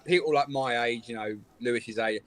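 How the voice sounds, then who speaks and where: A man's voice: medium pitch, moderate pace. A man, giving emphatic opinions in casual football chat. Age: 20s.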